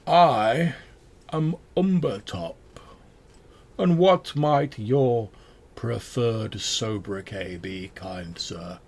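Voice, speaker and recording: A man voicing a slow, old-fashioned male plant dwarf with a moss beard, speaking courteously in a tabletop game. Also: mid-range voice, darkish tone, husky, full character voice.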